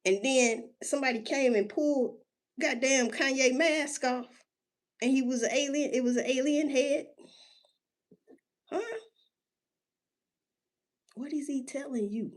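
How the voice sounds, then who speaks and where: A woman rants casually to her listeners as a solo commentator, using street slang and cursing freely. She fires off rhetorical questions, drawing out words for emphasis and jumping suddenly in pitch.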